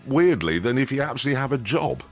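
A man's voice: mid-range voice, expressive, fairly quick, soft background music. A man in his fifties from Yorkshire, chatting as a radio guest in a jokey, rambling, self-deprecating way. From Yorkshire, England. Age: 50s. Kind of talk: casual radio chat.

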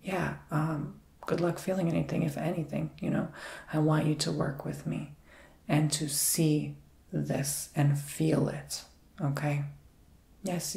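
A man giving an ASMR Reiki healing and tarot session, talking in a soft, mostly whispered, meandering and reassuring way. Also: a little high, gravelly, reverberant.

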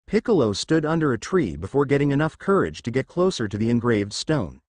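Animated male story narrator. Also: mid-range voice, a little fast, dry recording.

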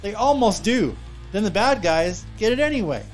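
Easygoing podcast guy, higher voice, really animated, kidding around about a movie. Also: normal speed, soft background music. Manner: laid-back, jokey. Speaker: podcast film reviewer. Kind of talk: casual review chat.

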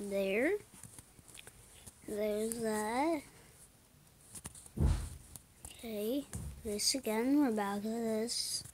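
A woman giving casual let's-play commentary while she plays, muttering to herself, slipping into whispers and breaking into sudden excited outbursts. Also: a little high, drawn-out words, long pauses, a little hiss or hum, poor audio.

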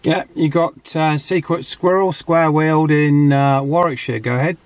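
A man hosting a radio hobby vlog outdoors on high ground, chatting in a relaxed, thinking-aloud way. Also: normal speed, background noise. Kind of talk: casual vlog narration.

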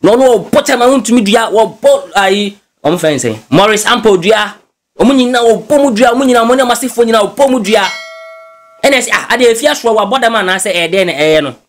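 A Ghanaian news blogger delivers casual gossip commentary with lots of animation, mixing English phrases into his speech. His voice is high-pitched and a little fast.

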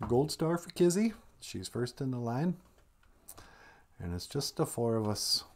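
A man's voice: mid-range voice, sing-song, measured pace, long pauses. A man hosting a live stream, chatting casually in a jokey, teasing, rambling way.

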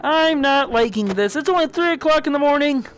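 A man voicing a nervous, goofy male frog puppet in a high, thin, nasal voice, commenting jokily and in a panic while he plays in character. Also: lively intonation, fairly quick, slight background noise. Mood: scared. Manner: panicky, jokey, blurts out beep-boop noises. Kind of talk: in-character let's play commentary.

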